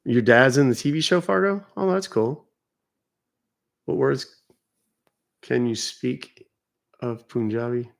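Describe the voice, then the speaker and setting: A man's voice: mid-range voice, slow pace, gravelly, pauses often. A middle-aged man from Texas, hosting a live stream in casual, joking, profane and rambling chat.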